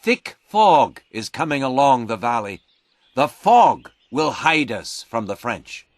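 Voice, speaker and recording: A man reading aloud and voicing a steady frontier scout who gives calm, low instructions in a dry, close recording. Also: slow, no echo. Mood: guiding. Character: steady frontier scout guiding his friends.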